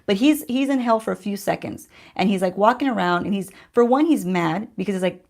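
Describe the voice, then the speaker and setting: Woman vlogger with a creaky voice, chatting loosely to her audience mid-makeup and throwing questions at them. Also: medium pitch, animated, a little fast, few pauses, darkish tone. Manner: chatty, addresses viewers directly, rhetorical questions. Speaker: beauty vlogger. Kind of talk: casual storytime chat while doing makeup. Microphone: handheld-range mic while holding a mirror.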